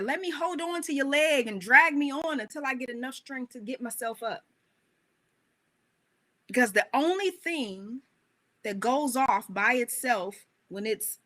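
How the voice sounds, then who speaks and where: A woman coach giving an animated, emphatic motivational talk, full of rhetorical questions. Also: fairly high pitch.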